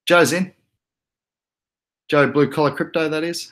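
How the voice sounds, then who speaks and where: A man's voice: fairly high pitch, a little slow, pauses often. Laid-back Australian man, chatty streamer. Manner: relaxed, chatty, laughs often, reads chat aloud. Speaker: crypto livestream host. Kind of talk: casual livestream chat.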